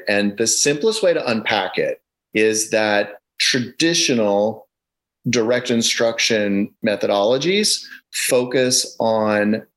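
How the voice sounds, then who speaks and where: A middle-aged man talks over a video call with a somewhat low voice. He makes his points with emphasis and explains at length, like a consultant walking through his evidence. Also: a bit bright, low-quality recording. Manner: emphatic, data-focused, explanatory. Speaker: education consultant, podcast guest.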